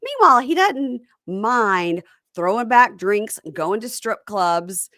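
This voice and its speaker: A woman hosting a podcast, recapping reality TV in casual chat and acting out quotes with big swings in pitch. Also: big pitch swings, takes it slowly, pushed and bright, dry recording, studio quality.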